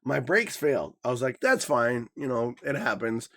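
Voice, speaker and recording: A man's voice: medium pitch, lively intonation, normal speed, fairly bright tone. A man in his thirties co-hosting a podcast, telling a story in a casual, profane way and acting out the people he quotes. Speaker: podcast co-host.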